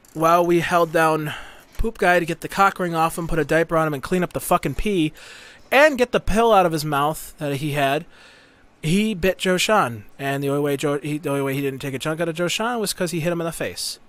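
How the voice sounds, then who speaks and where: A man's voice: fairly high pitch, normal speed, fairly bright tone. Crude rambling man telling stories. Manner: crude, rambling, profanity-laced storytelling. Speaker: podcast host. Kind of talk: casual storytelling chat.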